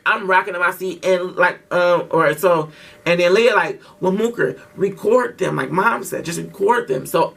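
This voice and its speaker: A man's voice: sits high, bright, forceful tone, recorded from a distance. A man telling a story casually to his vlog audience, slangy and profane, with lots of restarts. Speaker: vlogger.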